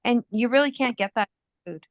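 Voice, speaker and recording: A woman's voice: a little high, brisk, no room sound. A woman on a casual group call, explaining at length with many fillers and restarts. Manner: rambling, filler-heavy explaining. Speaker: participant on a product call.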